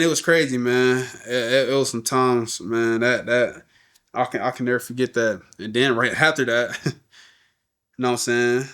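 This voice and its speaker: Man, podcast guest, candid storytelling, casual and rambling, repeats words, mid-pitched voice. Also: a bit bright. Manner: casual, often repeats words and says "you know what I'm saying".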